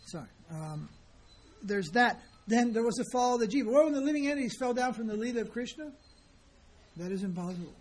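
A man's voice: very high voice, lively intonation, brisk, husky. A man teaching as a spiritual teacher in an informal sermon, speaking in a conversational, emphatic way and acting out the people he quotes.

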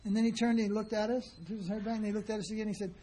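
A man's voice: high-pitched, steady tone, rapid-fire, mellow, breathy edge. A man teaching as a spiritual teacher in an informal sermon, speaking in a conversational, emphatic way and acting out the people he quotes.

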